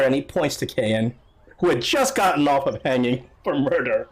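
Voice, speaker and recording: A man narrating as game master of a tabletop game, often pausing and restarting. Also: mid-range voice, animated, breathy edge, low-quality recording. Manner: halting, many fillers and restarts.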